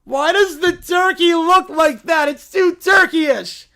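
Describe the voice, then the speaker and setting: Spoiled little princess, put on by a reader; high, shrill, demanding, with tantrum shouts. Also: takes it slowly, heavily acted. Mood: shouting.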